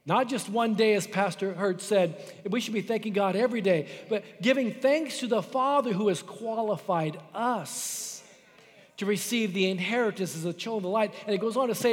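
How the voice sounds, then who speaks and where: Brief: middle-aged male pastor, high voice, fervent sermon delivery, reverberant church hall. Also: brisk. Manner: impassioned preaching with dramatic quoted voices. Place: church sanctuary.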